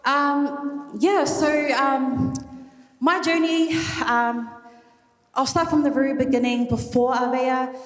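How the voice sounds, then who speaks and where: A woman from New Zealand giving a candid, emotional personal speech at a graduation ceremony, with many fillers and pauses. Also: sits high, fairly even intonation, fairly bright tone. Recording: echoey hall with long reverb.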